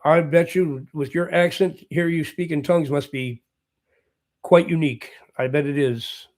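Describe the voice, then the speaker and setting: Man, from Canada, livestream host, casual chat, slightly high voice, rambling, frequent chuckles, repeats phrases. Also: fairly even intonation, normal speed, a little mellow. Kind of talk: casual chat answering live comments.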